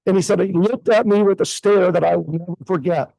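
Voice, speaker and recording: A man telling an emotional story on stage at a business event, acting out what others said and dropping his voice low at key moments. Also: fairly even intonation, fast, gravelly, warm tone, no room sound, low-quality recording. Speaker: event speaker. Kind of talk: motivational stage talk. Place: event hall.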